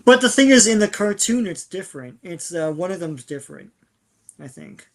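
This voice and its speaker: A man's voice: sits high, sing-song, normal speed. A man in casual podcast chat, laid-back, mostly giving short agreeing replies.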